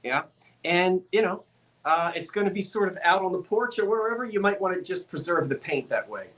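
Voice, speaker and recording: A woman's voice: lowish voice, lively intonation, brisk. A woman with a South Jersey accent hosting a live-stream antiques auction, chatty and folksy, laughing easily as she talks up each item.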